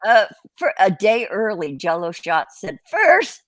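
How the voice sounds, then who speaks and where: A woman's voice: mid-range voice, very animated, a little slow, no room sound. Salty older woman hosting a chat stream. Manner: salty, rambling, swears freely. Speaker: host. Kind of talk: casual live-stream chat.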